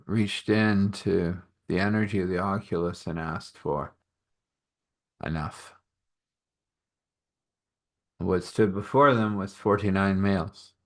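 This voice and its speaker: Man, storyteller, deep voice, loose and chuckling. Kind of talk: spoken storytelling.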